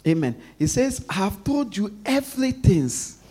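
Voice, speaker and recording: Man preaching, call-and-response sermon, emphatic, fairly high-pitched, lets the congregation finish his lines. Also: very animated, unhurried, husky. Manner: emphatic, swings between loud stresses and soft asides.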